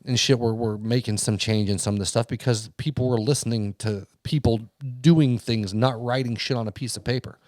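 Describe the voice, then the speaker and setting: Man, podcast co-host, rapid profane rant, dry close mic. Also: medium pitch, steady tone, a little mellow, dry recording. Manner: heated, swears constantly, acts out quotes.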